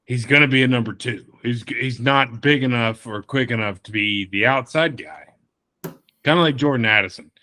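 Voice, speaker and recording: A man's voice: mid-range voice, normal speed, bright, forceful tone. A man in his thirties hosting a podcast, rambling loosely in a casual chat over beers with some swearing. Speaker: podcast host.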